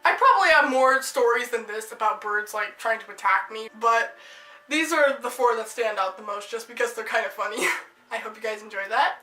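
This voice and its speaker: A woman telling funny personal stories in an animated storytime vlog, excitable and given to bursts of loud yelling. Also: fairly high pitch, moderate pace. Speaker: storytime vlogger. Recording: echoey room.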